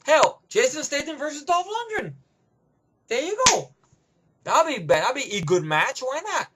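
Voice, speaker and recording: A man's voice: extremely high pitch, very animated, normal speed, heavy background noise. A man giving a rambling, profane movie review rant, heavy on emphatic opinions.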